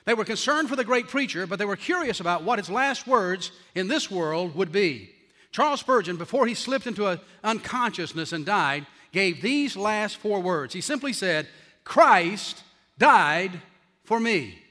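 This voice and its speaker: Preaching a sermon, a pastor with a high, bright, forceful voice and lively intonation leans hard on his key phrases, slowing them nearly to a crawl. The long reverb of a large hall, like a church sanctuary, rings around him.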